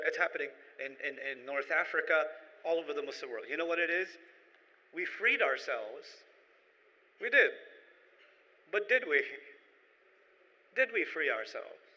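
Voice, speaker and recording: Male lecturer with a high, piercing delivery; emphatic, repetitive sermon rhythm; recorded with reverb in a large hall. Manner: emphatic, rhetorical repetition, rising to forceful peaks. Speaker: Islamic lecturer. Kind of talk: sermon-style lecture to an audience. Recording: echoey hall, dull lo-fi sound.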